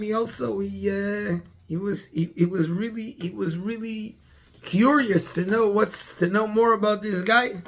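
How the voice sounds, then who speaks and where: Gravelly rabbi telling a story haltingly. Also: male voice, high voice, a bit bright. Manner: halting, searching for words, many restarts. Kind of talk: storytelling in a Torah class.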